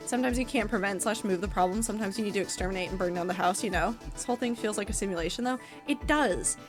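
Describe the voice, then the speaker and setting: A woman's voice: mid-range voice, fast talker, over music. A young woman streamer giving casual, musing commentary while she plays. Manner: musing, chatty.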